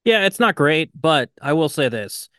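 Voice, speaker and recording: Smooth-voiced enthusiastic male podcast co-host. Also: fairly high pitch, sing-song, moderate pace, bright, forceful tone, dry recording, studio quality. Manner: enthusiastic, joking. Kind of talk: casual sports podcast chat.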